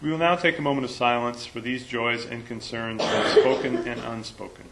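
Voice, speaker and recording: A man leading a church service and reading a children's story aloud, in a gentle, lively manner. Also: medium pitch, normal speed, gravelly, noisy background. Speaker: worship leader. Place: church hall. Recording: roomy church echo.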